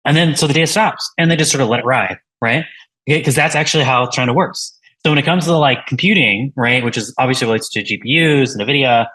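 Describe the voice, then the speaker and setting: A man's voice: medium pitch, fast, pushed and bright, rough recording. A man, a tech founder and interview guest, talking casually in a rambling way with many fillers and restarts.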